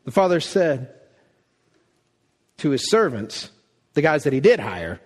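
A man preaching a sermon, telling a story with animated delivery and acting out quoted lines. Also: on the high side, measured pace, big-room sound. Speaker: pastor.

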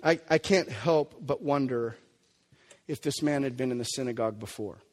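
A man preaching a sermon as pastor, emphatic and animated, sometimes dropping to a quiet, low delivery. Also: normal speed. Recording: long hall reverb.

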